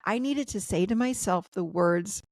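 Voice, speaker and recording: A woman in her fifties shares personal stories as a podcast guest, lively and animated, slipping into the voices of the people she describes. Her voice carries a gravelly edge. She is heard over a video call with a dry, close sound. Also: medium pitch, moderate pace, dry recording. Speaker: guest therapist and coach. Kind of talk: personal storytelling in a podcast interview.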